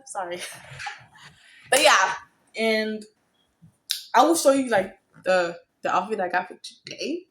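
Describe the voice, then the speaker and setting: A young woman from Africa telling a story in a casual vlog, chatty and excitable, getting loud when thrilled. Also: mid-range voice, slow pace, pauses often. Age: young adult. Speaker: vlogger.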